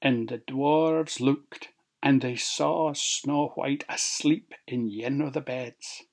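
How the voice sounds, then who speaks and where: A storyteller with a Scots accent, reading a fairy tale aloud with lively expression. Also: medium pitch. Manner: expressive, lilting, slow.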